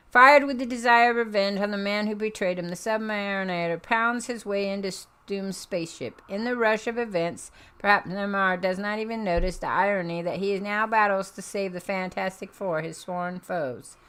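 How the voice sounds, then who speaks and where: A woman's voice: mid-range voice, normal speed, bright, forceful tone, clean tone. A woman streamer reading a comic book aloud, narrating with small stumbles and self-corrections.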